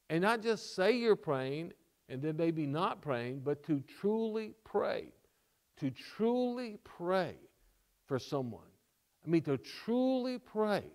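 A male pastor with a slightly high, darkish voice preaches a sermon. He repeats key lines for emphasis and checks in with the congregation by asking "okay?" and "all right?"

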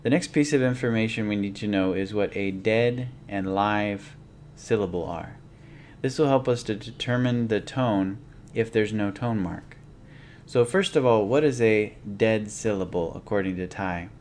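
Man, low voice, patient teacher, methodical explanation, faint background hum. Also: darkish tone. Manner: patient, methodical, steps through examples slowly. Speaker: language teacher. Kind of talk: explanatory lesson narration.

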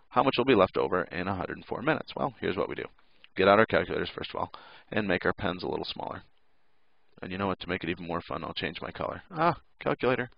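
A man's voice: low-pitched, creaky, no echo, highs cut off. A male teacher giving a casual recorded lesson, joking and making playful sound effects.

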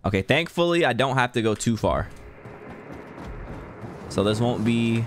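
A man streaming a game and commenting in a joking, excitable, slangy way. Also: mid-range voice, a little slow, slight background noise. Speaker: gaming streamer. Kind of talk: let's play commentary.

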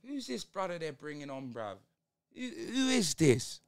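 A man's voice: a little high, very animated, measured pace. A young man ranting through a live football watch-along, heavy on street slang and exasperation.

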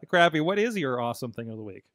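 A man's voice: on the high side, sing-song, brisk, a bit bright, no room sound, clean studio sound. A man hosting a casual panel podcast, reading a sponsor spot in a loose, rambling way with many fillers. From Pittsburgh area. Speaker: podcast host.

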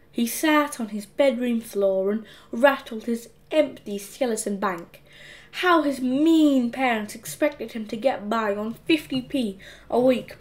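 A woman reads a children's story aloud with playful, expressive storytelling. Her voice is high and swoops widely from line to line. She takes her time, leaning into each sentence. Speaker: audiobook narrator. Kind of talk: children's audiobook narration.

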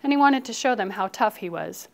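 A woman teacher telling a phonics story to children, expressive and coaxing them to repeat after her. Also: mid-range voice, brisk, vocal fry.

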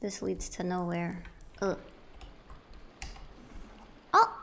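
A woman's voice: on the low side, little pitch movement, extremely slow, gravelly, a bit bright, a little hiss or hum. A young woman giving casual, playful commentary while playing a video game, chatting to the objects she finds. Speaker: let's play gamer.

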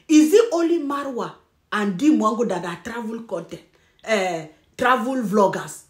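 A woman with a Nigerian Pidgin-influenced English accent, hosting a taunting, laughing commentary rant. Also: high voice. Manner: taunting, laughing, loud and animated. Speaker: channel host. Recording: echoey room.

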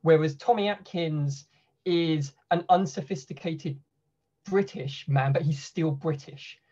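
A man's voice: on the high side, unhurried, mellow. Male academic panelist, hesitant, restarts often; slightly dull video-call sound. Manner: hesitant, thinking aloud with restarts. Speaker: panelist at a book launch. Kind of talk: academic discussion.

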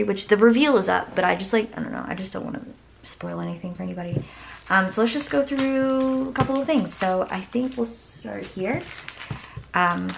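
A woman's voice: mid-range voice, gravelly, noisy background. A young woman vlogging a haul in a casual, gushing way, her voice worn out. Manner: gushing, excitable, lots of "like" and "obsessed".

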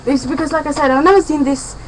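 A woman's voice: sits high, quick pace, slight background noise, poor audio. A young woman chatting in a rambling, playful way in a casual daily vlog from home. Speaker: vlogger.

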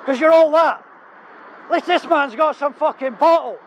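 Very high-voiced man taunting. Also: moderate pace, highs cut off, noisy background. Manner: taunting, swearing, provocative. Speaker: filmer in a street confrontation. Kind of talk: heated street argument. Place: outdoors by a car park.

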